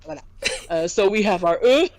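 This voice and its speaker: A woman teaching French in a relaxed chat, her pitch bouncing high and low as she explains. She laughs easily between points. The sound is close and dry, with no room around her. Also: moderate pace, dry recording, poor audio. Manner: animated, laughs often while explaining. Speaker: French tutor. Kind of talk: casual language lesson.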